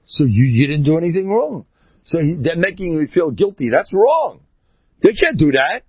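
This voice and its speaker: A man, a rabbi, giving an informal religious talk in an animated, rambling way, often mimicking other people's voices. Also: a little high, moderate pace, breathy edge, no echo. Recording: dull lo-fi recording.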